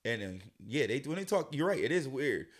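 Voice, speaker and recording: A man's voice: medium pitch, sing-song, brisk. A man co-hosting a podcast in casual chat, opinionated and often restarting his sentences. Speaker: podcast co-host.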